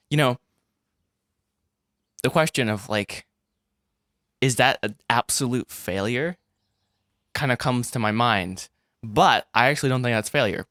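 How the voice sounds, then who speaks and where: A young man vlogging about his animated film in a rambling, chatty, self-deprecating way, speaking into a desk microphone at home. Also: medium pitch, no echo, clean studio sound. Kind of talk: casual work vlog.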